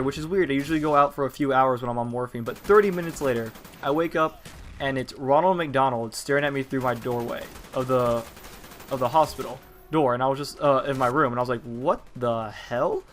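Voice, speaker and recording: A teenage boy recounts a story for his channel, his voice sitting at an ordinary middle pitch. He rambles casually, restarting sentences and filling gaps with "uh" and "like.". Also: brisk, a bit bright, a little hiss or hum. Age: teens. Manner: rambling, with frequent fillers and restarts. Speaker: vlogger telling personal stories.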